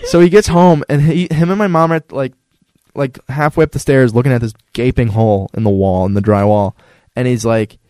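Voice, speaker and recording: Young guy podcast host, mid pitch, close dry sound, acts out what ppl said. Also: brisk, dry recording. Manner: animated storyteller, acts out quotes in raised voice. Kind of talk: casual chat.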